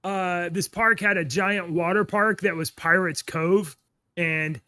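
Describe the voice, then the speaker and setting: A man in his thirties co-hosting a podcast, chatting casually and telling animated, rambling stories with laughs. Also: sits high, takes it slowly, no room sound, studio quality. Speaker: podcast co-host. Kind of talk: casual chat.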